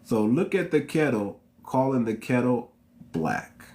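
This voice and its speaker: A man's voice: mid-range voice, sing-song, measured pace, a little mellow. A man from the United States hosting his channel, talking straight to his viewers in an emphatic, slangy commentary that repeats its points. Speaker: channel host. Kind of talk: unscripted commentary monologue.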